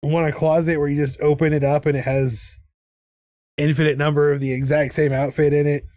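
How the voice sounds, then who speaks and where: A man's voice: fairly high pitch, flat delivery, a little fast, darkish tone, no echo, clean studio sound. A man chatting casually on a live art stream, rambling and restarting his sentences. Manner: rambling, with many restarts and laughs.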